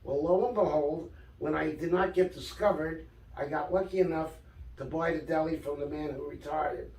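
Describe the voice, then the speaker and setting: A man's voice: fairly high pitch, moderate pace. An older man from Brooklyn, animatedly telling stories from his life as a guest in an interview. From Brooklyn, New York. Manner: animated storyteller, acts out quoted dialogue. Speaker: guest author. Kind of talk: casual storytelling interview. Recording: echoey room, distant mic.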